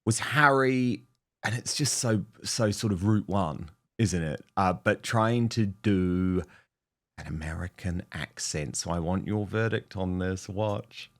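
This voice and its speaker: A man's voice: sits low, slow pace, fairly bright tone. A man hosting an opinionated talk show, conversational, with fillers. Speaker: show host.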